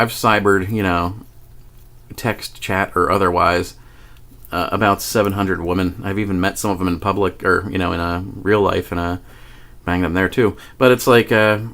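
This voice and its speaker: A man's voice: on the low side, a bit bright. A man vlogging, telling a story casually in a rambling, profane way with many restarts. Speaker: video blogger.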